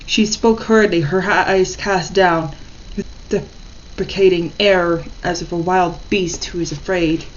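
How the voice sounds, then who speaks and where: A woman reading a horror short story aloud in a plain, steady way, with small restarts. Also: fairly low pitch, measured pace, lo-fi sound, slight background noise.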